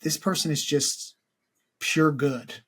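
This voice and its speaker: Speaking slowly in a fairly high, steady voice with a breathy quality, a man co-hosts a film podcast. He comes across as earnest and casual, wandering through his points with constant "like"s and restarts.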